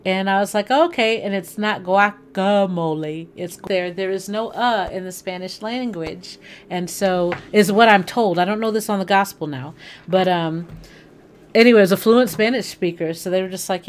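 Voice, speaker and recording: A woman's voice: medium pitch, normal speed. A woman livestreaming a video game from home, chatting casually and thinking aloud as she plays. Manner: chatty, animated, thinking aloud while playing. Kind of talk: casual gaming livestream chat. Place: home living room.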